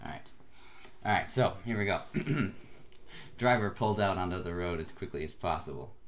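A young man co-hosting a comedy podcast, with a very deep voice. He speaks in a dry, laid-back, deadpan way. A faint hiss of noise sits under the recording. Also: normal speed. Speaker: podcast co-host. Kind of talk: casual chat.

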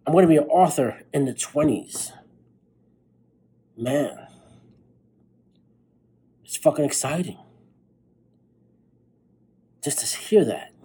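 Young male podcast host, husky and mellow, tired late-night swearing pep talk. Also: fairly high pitch, lively intonation, slow, pauses often, low-quality recording. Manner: blunt, profane, fired-up pep talk. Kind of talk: motivational monologue.

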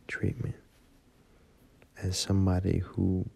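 A drunk man talks slowly into his phone, rambling and swearing. His voice sits very low and dark, with a husky, gravelly edge. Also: steady tone. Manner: rambling, profane, heartfelt. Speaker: voice memo rambler.

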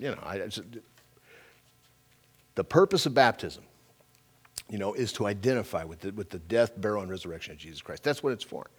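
A man preaching a sermon in a folksy manner, reading scripture aloud slowly and emphatically and asking the congregation questions. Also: medium pitch. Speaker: pastor.

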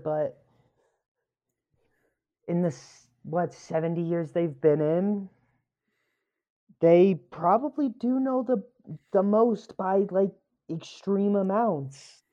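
A man's voice: sits high, lo-fi sound. A man co-hosting a casual sports podcast, thinking aloud and hesitant as he weighs his answers. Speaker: co-host.

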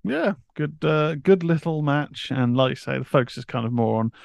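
A man's voice: a little high, normal speed, vocal fry, no room sound, clean studio sound. A man co-hosting a wrestling podcast, chatting easily and reading out a history segment. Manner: relaxed, reads history segment. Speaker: podcast co-host. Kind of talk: casual chat.

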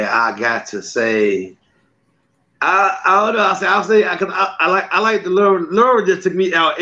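A man with a high, bright voice tells stories in a relaxed interview, acting out the voices he quotes and laughing often. The recording is slightly muffled and lo-fi. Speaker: comedian and skit maker. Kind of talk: casual interview.

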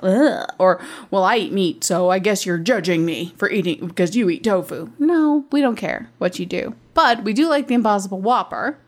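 A woman's voice: mid-range voice, moderate pace, few pauses. A woman in her fifties, a blunt, straight-talking podcast co-host who chats casually and laughs often. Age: 50s. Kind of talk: casual chat.

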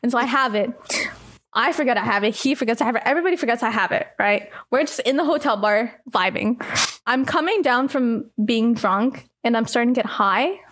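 A young woman from Canada telling a story in casual chat, animated, filling her talk with "like" and casual swearing. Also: a little high, a little fast.

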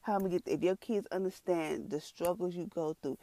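A woman's voice: lowish voice, brisk, no echo. A woman, a mother sharing an earnest personal testimony with viewers in a conversational, storytelling way. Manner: earnest, conversational, storytelling with lively quoted reactions.

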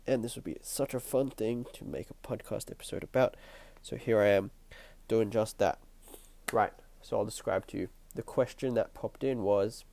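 A man hosting his own podcast with a stuffy, nasal voice and a croaky throat, musing in a reflective spiritual monologue and repeating his phrases as he thinks aloud. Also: lowish voice, moderate pace, darkish tone, no room sound. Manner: musing, repeats phrases, chuckles between thoughts. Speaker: podcast host. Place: at home at night.

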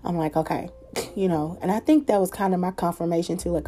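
A young woman hosting her own show tells a personal story candidly and casually, swearing a lot and using plenty of fillers. Her warm voice sits on the low side and moves a little fast, with faint music behind her.

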